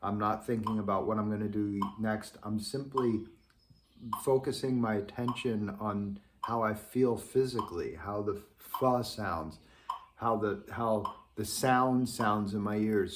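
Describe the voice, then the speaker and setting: A man teaching a trombone lesson, speaking thoughtfully with many pauses and ums. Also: on the low side, background noise. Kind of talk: instructional lesson.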